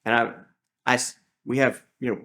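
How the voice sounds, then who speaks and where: A man's voice: medium pitch, level tone, moderate pace, pushed and bright. A man, a lawyer talking through legal advice in a casual, storytelling way with many fillers and restarts.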